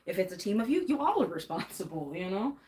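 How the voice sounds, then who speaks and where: This streamer, a young woman, is mid-rant on a livestream, doing her laundry in her bedroom and sounding heated and emphatic, with bursts of nervous laughter. Her medium-pitched, slightly mellow voice is very animated and fast. The recording quality is low.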